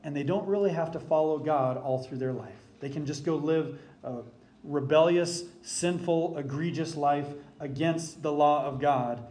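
Middle-aged male pastor, slightly high voice, emphatic sermon delivery, roomy echo. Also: unhurried, darkish tone. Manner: emphatic preaching, rising for scripture quotes.

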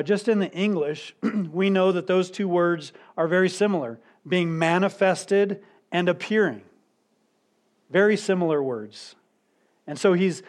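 Slow-speaking male pastor preaching. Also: on the high side. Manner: teaching verse by verse, slowing down to stress key words. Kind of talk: sermon.

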